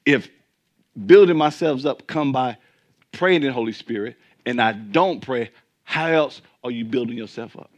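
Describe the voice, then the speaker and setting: A man preaching a sermon as pastor, swinging between emphatic peaks and quiet asides and asking the congregation questions. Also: mid-range voice, a little slow.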